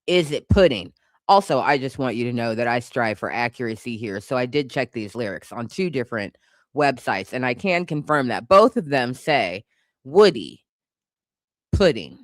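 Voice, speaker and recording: This YouTube commentator sits at home in a living room with a couch and a cat, offering sarcastic, laugh-filled reactions to song lyrics. The mid-range voice is animated and moves at normal speed, captured dry with clean studio sound.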